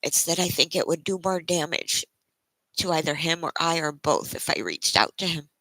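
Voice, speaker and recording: A tired woman livestreaming to her viewers, close to tears, speaking in halting, emotional bursts and restarting her sentences. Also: low voice, bright, forceful tone, no echo, poor audio. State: tired from a sleepless night. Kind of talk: casual live-stream chat.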